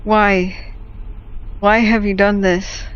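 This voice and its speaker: A woman's voice: mid-range voice, level tone, drawn-out words, smooth. A woman voicing an exasperated father seabird who is indignant and put-upon, over slightly muffled stream audio.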